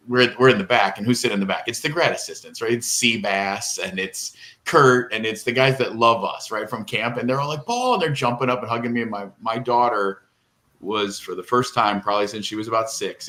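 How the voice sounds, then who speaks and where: A man's voice: lowish voice, fairly bright tone. A middle-aged man co-hosting a podcast, telling a long, rambling, emotional story in casual chat and tearing up. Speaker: podcast co-host.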